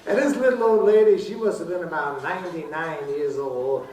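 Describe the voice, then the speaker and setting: Man doing a famous crooner's stage act, boomy live room. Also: darkish tone, some chatter behind. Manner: easygoing crooner patter, drawn-out lazy delivery. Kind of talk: stage stand-up banter between songs. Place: casino showroom stage with live audience. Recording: roomy live showroom, distant, audience and noise.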